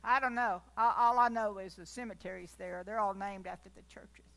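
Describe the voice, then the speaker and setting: A woman's voice: mid-range voice, fairly quick, a bit bright. A woman giving a folksy church sermon, with chatty asides and jokes along the way. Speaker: preacher.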